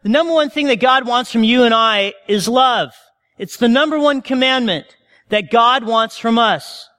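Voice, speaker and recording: High-voiced man preaching in a reverberant hall. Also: normal speed, bright, forceful tone. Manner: conversational, calls out to the congregation. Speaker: pastor. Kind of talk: sermon.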